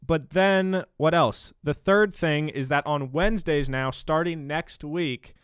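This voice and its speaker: A man's voice: on the high side, unhurried, clear, resonant tone, no echo. Giggly young male co-host, chatty and rambling, dry close-miked sound. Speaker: podcast co-host. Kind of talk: casual podcast chat.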